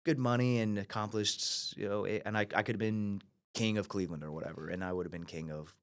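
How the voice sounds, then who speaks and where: A man's voice: on the low side, fairly quick. A man in his thirties from Ohio, the guest in a podcast interview, telling his career story with animation and frequent restarts. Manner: animated storyteller who acts out quoted voices, with frequent restarts. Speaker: guest, brokerage CEO.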